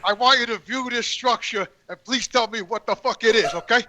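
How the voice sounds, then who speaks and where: A man's voice: very high-pitched, a little fast, pushed and bright. A man telling a crude comic story outdoors, profane and stammering over his words. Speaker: guest calling in. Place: outdoors on a work job.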